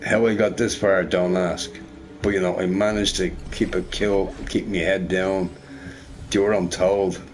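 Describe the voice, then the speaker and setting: Middle-aged man, lowish voice, loose profane gaming-stream rant with a "right?" on every other line. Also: level tone, measured pace. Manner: rambling, profane, tags lines with "right?". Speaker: shop boss and gamer. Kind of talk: casual rant while gaming.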